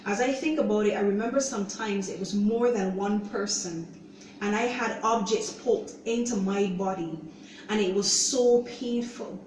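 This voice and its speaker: A woman hosting her own show, giving an earnest, halting personal testimony and often saying "you know". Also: mid-range voice, darkish tone, a little hiss or hum. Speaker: show host sharing her own story. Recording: roomy echo, voice distant from mic.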